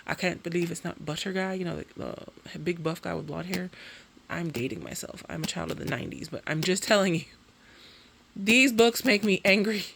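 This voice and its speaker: A woman in her thirties chatting casually as a beauty vlogger, animated and ranting, often tagging her points with "okay?". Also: fairly low pitch, normal speed, gravelly, breathy edge. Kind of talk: casual chat.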